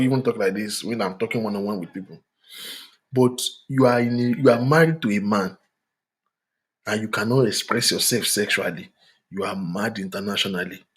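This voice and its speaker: A middle-aged man, hosting a frank relationship talk with an emphatic, preachy manner and bits of Yoruba. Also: mid-range voice. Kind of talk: frank relationship advice monologue.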